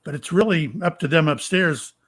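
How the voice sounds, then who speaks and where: An older man from Florida, a psychic medium and retired police officer, telling stories in a halting, rambling way with many fillers. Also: on the high side. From Florida, USA. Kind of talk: casual storytelling interview.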